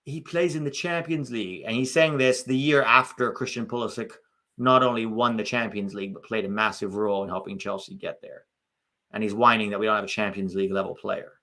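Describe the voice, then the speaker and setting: A man's voice: on the low side, little pitch movement, fairly quick, bright, forceful tone. A young man hosting a live soccer watch-along, chatting casually with sarcastic rants and swearing. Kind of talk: casual live-stream chat.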